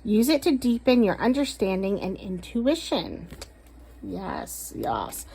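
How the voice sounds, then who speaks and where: A woman's voice: mid-range voice, huge pitch swings, dark tone, slight background noise. A woman doing a casual tarot reading, blunt and emphatic, swearing often as she rants and gives advice. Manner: blunt, ranting, swears a lot; emphatic, stresses words slowly. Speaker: tarot reader.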